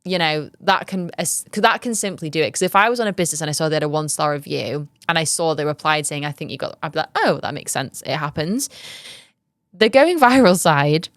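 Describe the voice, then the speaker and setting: A woman's voice: low voice, expressive, fast, few pauses, fairly bright tone, no room sound, clean studio sound. A young woman hosting a podcast, giving candid business advice in a chatty way, full of ums and likes. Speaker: podcast host. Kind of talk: casual advice chat.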